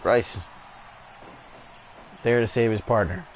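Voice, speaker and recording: Casual male game commentator, lowish voice, laid-back play-by-play with faint room hum. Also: slow. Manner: relaxed, chatty, laughs and goes off on tangents.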